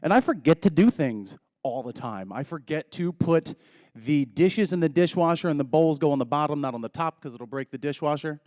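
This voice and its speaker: A man's voice: a little high, animated, a little fast, a little mellow, dry recording, clean studio sound. A man in his thirties giving a conference keynote, telling jokes in a chatty storytelling way. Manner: joking, conversational storyteller. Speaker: keynote speaker.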